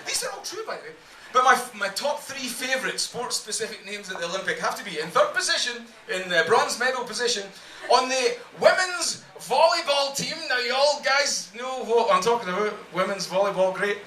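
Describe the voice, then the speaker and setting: A man's voice: high-pitched, moderate pace, bright, forceful tone. A man doing a stand-up comedy set in a comedy club, with crude, playful punchline delivery. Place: comedy club room with a live audience. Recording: echoey club audio, mic from a distance.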